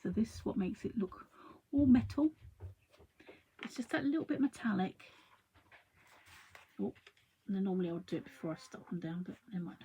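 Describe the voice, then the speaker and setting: A woman's voice: medium pitch, lively intonation, a little fast, pauses often, mellow, breathy edge. A woman in her thirties chatting to viewers while she demonstrates a craft project live. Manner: chatty, friendly, talks to viewers and reads their comments.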